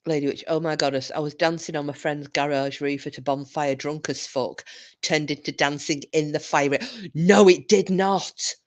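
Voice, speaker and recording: A low-pitched woman chats loosely with her viewers on a live stream. She swears freely and tells rowdy drunken stories. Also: level tone, moderate pace.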